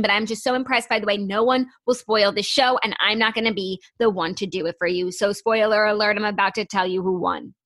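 A woman's voice: fairly high pitch, fairly bright tone. A woman co-hosting a casual pop-culture podcast, reading news items aloud and chatting about them. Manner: reads news stories aloud, then chats about them. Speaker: podcast co-host.

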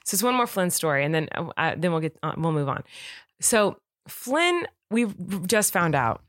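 A woman in her thirties co-hosting a casual podcast chat, telling an animated story and laughing often. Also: on the low side, moderate pace, no room sound, clean studio sound. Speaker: podcast co-host.

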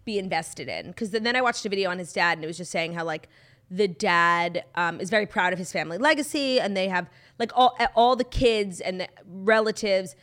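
A woman's voice: medium pitch, fairly quick. A young woman co-hosting a casual chat podcast, telling stories animatedly and acting out quotes with laughter. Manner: animated storytelling, acts out quotes loudly, laughs often. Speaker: podcast co-host.

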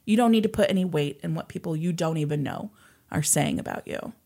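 Woman, thirties, casual storyteller, slightly low voice, animated delivery. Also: fairly quick, creaky. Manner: animated, acts out quoted lines in storytelling. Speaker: podcast co-host.

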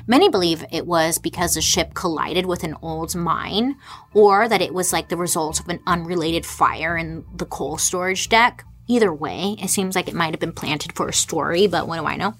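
A woman's voice: mid-range voice, a bit bright. A woman hosting a casual comedic history explainer, irreverent and sarcastic, swearing freely and tossing rhetorical questions at her audience.

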